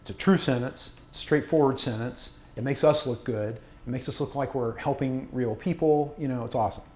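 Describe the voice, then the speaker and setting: A man's voice: medium pitch, brisk, darkish tone. A man leading a workshop on writing, chatty and self-deprecating, often restarting his sentences. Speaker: university communications workshop presenter. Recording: echoey room.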